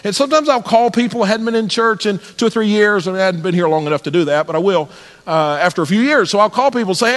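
A man's voice: high voice, animated, quick pace, fairly bright tone, big-room sound. A man preaching a sermon as pastor, earnest, often repeating and restarting his words as he builds each point. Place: church sanctuary.

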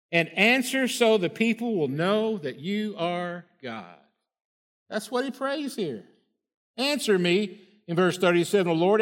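A man preaching a sermon, reading scripture aloud and breaking in with folksy asides and rhetorical questions. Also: sits high. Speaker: pastor.

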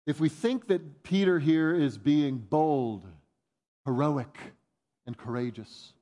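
A pastor delivers a slow, animated sermon, his pitch leaping up when he voices the disciples' protests and softening for reflective moments.

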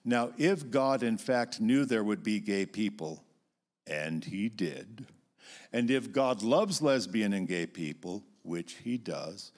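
A man giving a Bible teaching talk to a class, measured and emphatic, dropping his voice low on key points. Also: a little mellow.

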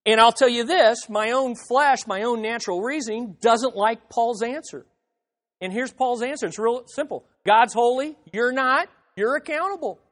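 A man's voice: very high voice, moderate pace, a bit bright. A man preaching an expository sermon, emphatic, repeating phrases and acting out the objections he quotes. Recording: reverberant hall.

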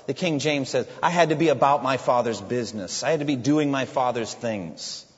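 A man preaching a sermon, expressive, dropping low and quiet when he quotes Jesus. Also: moderate pace, few pauses. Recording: dull echoey hall recording.

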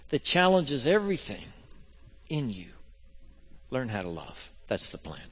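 A man preaching a sermon to his congregation, swinging from loud, fervent exhortation to quiet, intimate appeals and rhetorical questions. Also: medium pitch. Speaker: pastor.

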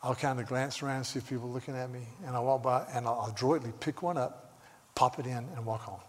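An older man from the South, preaching a sermon as a pastor and moving from quiet storytelling asides to loud, emphatic scripture reading. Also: mid-range voice, steady tone, quick pace. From Southern United States. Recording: long reverb of a large hall.

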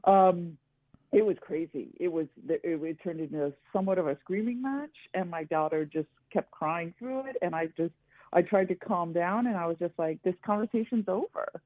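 A woman's voice: on the low side, expressive, moderate pace, dry recording. A middle-aged woman, a guest columnist, telling her story earnestly and emphatically in a radio interview. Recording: tinny dry phone line.

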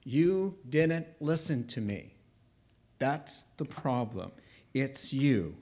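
A man preaching a sermon with animated delivery, acting out God's words in the first person. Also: mid-range voice, slow pace. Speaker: pastor.

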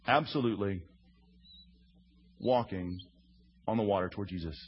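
A man preaching a sermon as a lively storyteller who acts out the quotes he tells. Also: fairly high pitch, slightly rough. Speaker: preacher teaching a Bible lesson. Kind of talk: sermon, drawing while teaching. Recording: dull lo-fi sound.

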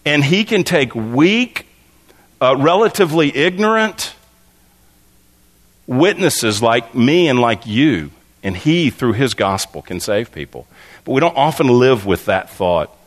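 A man preaching a sermon, telling stories with animated, stammering delivery and acting out the voices in his anecdotes. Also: medium pitch, measured pace. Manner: stammers and restarts often. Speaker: pastor.

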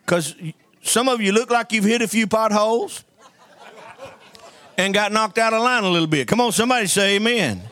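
A man's voice: sits high, normal speed, pauses often, sharp tone. A man preaching a sermon, telling folksy stories and calling for amens from the congregation. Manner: call-and-response preaching, folksy storytelling.

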